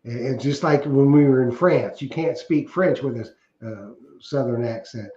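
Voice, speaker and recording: A middle-aged man with a medium-pitched, dark voice co-hosts a casual livestream at normal speed. He reads out viewer comments and rambles through jokey stories, laughing at them himself. The audio is roomy, dull, and lo-fi.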